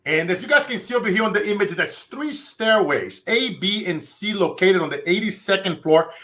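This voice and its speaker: Casting: bright, forceful Brazilian-accented man host, preachy motivational delivery. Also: sits high, animated, moderate pace. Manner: preachy, rallying the audience. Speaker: interview host, motivational speaker. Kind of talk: live-streamed interview.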